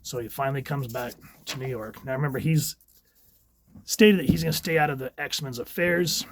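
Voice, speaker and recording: A man's voice: mid-range voice, normal speed, vocal fry, a crowd in the background. A man casually reviewing a comic book, chatty and a bit rambling as he recaps the pages.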